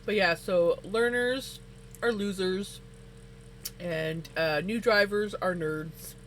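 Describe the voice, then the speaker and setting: A woman hosting a casual livestream, chatting while she knits and telling stories with lots of laughter. Her voice shoots up high when she gets excited. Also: slow, slight background noise, rough recording. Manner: animated storyteller, laughs often, voice climbs high when excited. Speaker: livestream host. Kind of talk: casual chat while knitting on stream.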